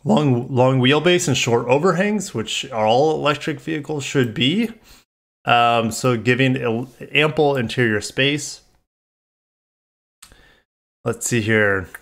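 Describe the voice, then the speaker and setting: A man's voice: mid-range voice, slow, pauses often. A man hosting a car channel, reading a press release aloud and breaking off into rambling, casual asides and self-corrections.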